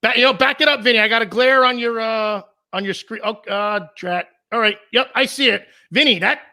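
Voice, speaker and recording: A man with a high, bright voice co-hosts a live stream and rambles along in casual chat. He teases and jokes in an animated, restless way. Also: fairly quick. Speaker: co-host.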